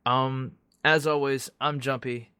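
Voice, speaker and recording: A man's voice: mid-range voice, little pitch movement, slow, pushed and bright, clear, resonant tone, dry recording. Young male podcast host, casual and jokey with loose swearing, recorded dry. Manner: loose, joking, swears freely. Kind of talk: casual chat.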